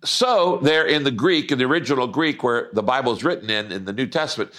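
A male pastor delivering a sermon in a church, his pitch rising and falling in a lively way. He slows down to stress key words and lets his voice drop low at the ends of phrases.

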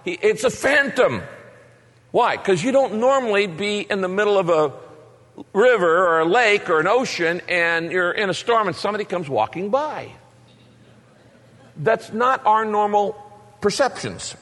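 A man's voice: high voice, expressive, normal speed, fairly bright tone. A man preaching a sermon as pastor, emphatic and fond of repeated rhetorical questions. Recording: long reverb of a large hall.

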